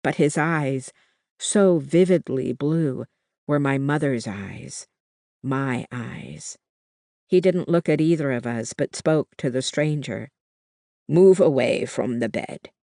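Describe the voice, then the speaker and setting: Slow, steady audiobook narrator. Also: mid-range voice, no room sound, studio quality. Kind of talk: first-person novel narration.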